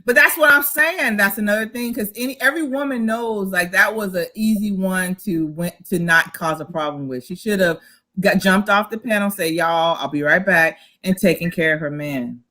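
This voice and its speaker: A woman panelist with a bright, forceful voice and a mid pitch. She gives blunt opinions in an easy, casual way. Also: normal speed. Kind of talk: casual commentary chat.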